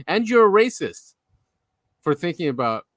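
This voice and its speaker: A man co-hosting a podcast in a casual, animated way, laughing often and restarting his sentences. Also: sits high, moderate pace, no room sound, studio quality. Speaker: podcast co-host.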